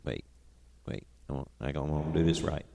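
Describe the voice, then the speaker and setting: A man hosting a political talk radio show, talking in an animated, indignant and sarcastic way into a studio microphone. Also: very deep voice, quick pace, creaky, slight background noise.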